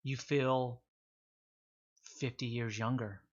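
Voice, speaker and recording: A man narrating a tabletop role-playing game as game master, in a slow, dramatic way. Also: mid-range voice, steady tone, muffled recording.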